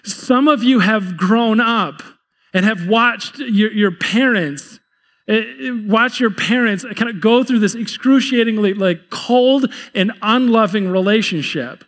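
A man's voice: sits high, measured pace, a bit bright, long reverb tail. A man preaching a sermon in a church, conversational and repeating words as he builds his points. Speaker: pastor. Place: church sanctuary.

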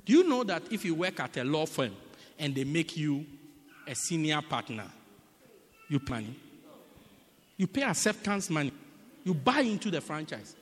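A man preaching a sermon as pastor, emphatic and repetitive, swinging between loud cries and low murmurs. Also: big pitch swings, moderate pace, long pauses, slightly rough, long reverb tail.

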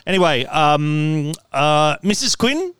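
A man's voice: fairly high pitch, sing-song, takes it slowly, a bit bright, clean tone, no room sound. A man hosting a podcast, chatting casually in a playful, teasing, self-mocking way. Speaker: podcast host. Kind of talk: casual comedic chat.

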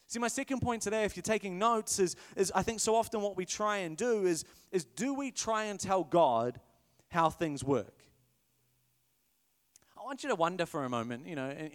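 A man's voice: high-pitched, big-room sound. A man preaching a sermon in a conversational, playful way, sometimes correcting himself mid-sentence. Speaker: pastor.

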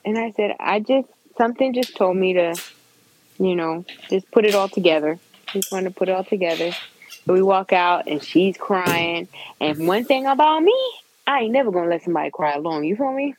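A woman in casual podcast conversation, telling a long personal story with animated retold dialogue. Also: fairly low pitch, fairly quick, slight background noise, rough recording.

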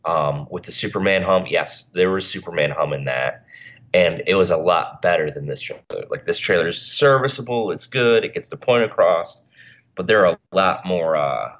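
A man's voice: deep voice, a bit bright. A man co-hosting a podcast in casual chat, with a groggy early-morning voice, rambling with restarts. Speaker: podcast co-host. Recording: dull lo-fi recording.

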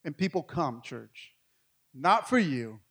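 A middle-aged male pastor, telling a story in a sermon, swinging between hushed and loud. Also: a little high, very animated, takes it slowly, husky.

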